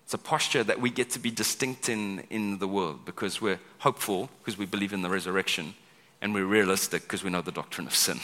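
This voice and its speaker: A man preaching a sermon as pastor, chatty and animated, often checking in with "right?" and acting out quoted lines. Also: deep voice, fast. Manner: conversational, keeps asking "right?"; acts out quoted speech with big vocal swings. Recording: long hall reverb.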